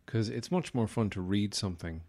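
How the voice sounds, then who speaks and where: A man's voice: lowish voice, normal speed, darkish tone. An Irish man hosting a podcast, rambling through a wry comic monologue with lots of fillers. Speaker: podcast host. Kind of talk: casual comedic monologue.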